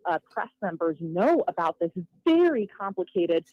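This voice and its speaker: A woman court reporter delivers a measured, detailed live update with the odd uh. Her voice comes through a dull remote feed, dry and close, with little room sound. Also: lowish voice, big pitch swings, dry recording. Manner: measured, detailed, with some uhs.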